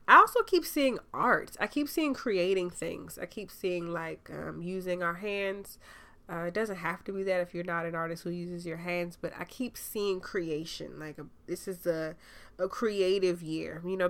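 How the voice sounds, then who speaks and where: A woman's voice: on the low side, a bit bright. A young adult woman hosting a podcast, giving a loose, conversational spiritual reading full of fillers and playful dramatic asides. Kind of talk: casual spiritual advice monologue.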